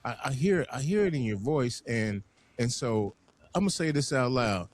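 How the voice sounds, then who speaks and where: Animated, emphatic male podcast host. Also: medium pitch, moderate pace. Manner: animated, emphatic, repeats words when excited. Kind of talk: casual panel conversation.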